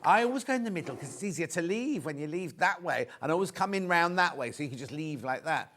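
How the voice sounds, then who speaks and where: Chatty British male shopping-channel host, bright and lively, with a slightly higher voice, on a TV studio set. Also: fast talker, a little hiss or hum. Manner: chatty, teasing, reading out prices and viewer messages. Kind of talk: live sewing shopping show chat.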